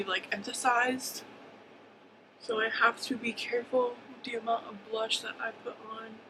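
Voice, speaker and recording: A woman in her twenties, a beauty vlogger with a voice on the high side, chats casually through a makeup tutorial over a noisy background. She's a little hyper and rambles, scattering ums and likes.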